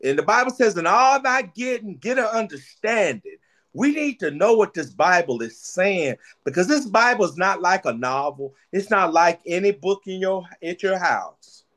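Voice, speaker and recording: A man preaching a sermon, lively and preacherly, repeating phrases for emphasis. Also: high voice, moderate pace, hardly any pauses.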